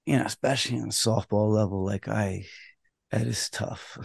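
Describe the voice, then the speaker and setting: A man co-hosting a podcast, telling umpiring stories in an animated way, acting out both sides of arguments and swearing casually. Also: on the low side, normal speed, creaky, breathy edge, dry recording, studio quality. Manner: animated storytelling, acts out both sides of quarrels.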